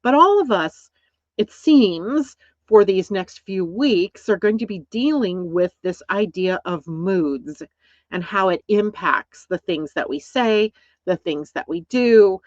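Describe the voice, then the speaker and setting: A woman's voice: fairly low pitch, lively intonation, slow pace, dry recording. A woman teaching astrology in a casual, reflective way, often checking in with listeners. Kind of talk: casual explanatory talk. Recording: dull, lo-fi, dry recording.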